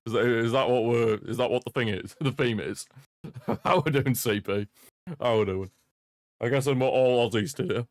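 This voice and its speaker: A young man talks casually through a streaming mic, rambling and laughing with his chat. His voice sits at an ordinary middle pitch. The sound is dry and close, with no room around it. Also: normal speed, darkish tone, dry recording. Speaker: streamer hosting a football watchalong. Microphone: streaming microphone.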